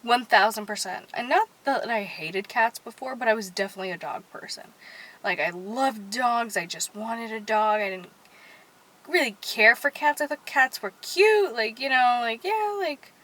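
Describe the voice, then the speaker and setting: A woman's voice: fairly high pitch, normal speed, pushed and bright, low-quality recording. A young woman vlogging casually to her viewers from a parked car at night, bubbly and chatty, sometimes dropping to a whisper. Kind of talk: casual rambling chat to viewers.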